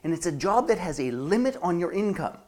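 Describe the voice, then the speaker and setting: A middle-aged business coach giving an animated, theatrical promotional presentation straight to the listener. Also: medium pitch, brisk. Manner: animated, theatrical, acts out quoted voices.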